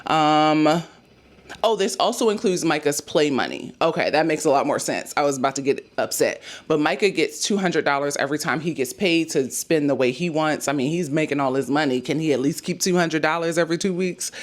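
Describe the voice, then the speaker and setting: A woman's voice: low voice, brisk. Chatty woman talking budget numbers. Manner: chatty, addresses viewers as "y'all", thinks aloud over numbers. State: losing her voice. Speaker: budgeting YouTuber. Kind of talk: casual monthly budget update.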